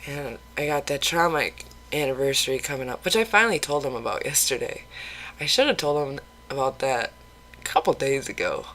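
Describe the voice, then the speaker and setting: A vlogger talking openly in a casual confessional video, rambling with halting restarts and casual swearing. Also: medium pitch, expressive, fairly bright tone, slight background noise, poor audio. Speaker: mental health vlogger.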